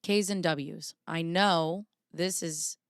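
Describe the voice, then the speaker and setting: A woman's voice: fairly low pitch, steady tone, slow pace, clean tone, no room sound, clean studio sound. A woman host in casual commentary, rambling and apologizing to herself while she compares handwriting on screen. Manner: rambling, self-interrupting, apologetic asides.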